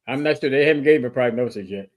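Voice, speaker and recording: A man co-hosting a casual sports talk show, explaining himself over and over with growing exasperation. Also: medium pitch. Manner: exasperated, repeats himself slowly. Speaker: podcast co-host.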